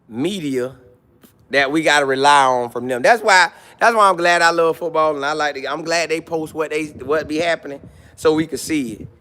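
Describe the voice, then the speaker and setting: A man chatting casually on a live stream, reading comments and riffing with jokes and repeated lines. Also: fairly high pitch. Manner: animated, jokey, repeats lines, mock voices.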